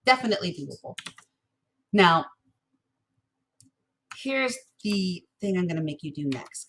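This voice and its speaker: A woman music teacher giving a recorded lesson, patiently encouraging students and chanting rhythm syllables slowly. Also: lowish voice, animated, noisy background.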